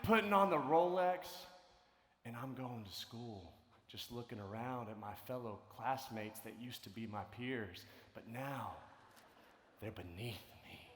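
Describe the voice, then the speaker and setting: A high-voiced man preaching to a crowd of students through stories. His delivery swings between loud, animated stretches and quiet, hushed ones. The voice echoes through a large hall with a long reverb. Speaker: conference speaker. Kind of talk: storytelling sermon to students.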